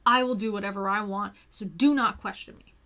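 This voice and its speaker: A woman voicing a brash, arrogant male god who brags loudly and talks in slang. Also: mid-range voice, level tone, moderate pace, vocal fry, natural voice. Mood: domineering. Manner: loud, boastful, slangy bragging.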